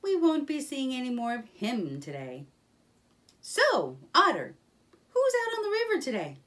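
A woman's voice: sits high, wildly swooping pitch, unhurried, fairly bright tone, distant mic, pitched above the performer's own voice, full character voice. A woman voicing a friendly, easygoing male water rat with a cheerful, hospitable manner, in a children's storybook reading.

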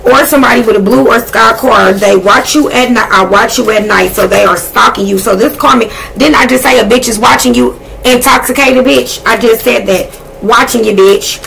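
A woman giving a casual tarot reading, blunt and excitable, swearing freely as she talks to spirit. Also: on the high side, moderate pace, vocal fry, a little hiss or hum, low-quality recording. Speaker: tarot reader.

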